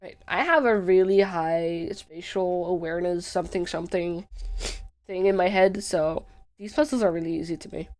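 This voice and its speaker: A woman's voice: lowish voice, moderate pace, a little mellow. A woman streamer chatting casually through a puzzle game, sick and sleepy, playful and self-mocking. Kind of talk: casual gameplay commentary.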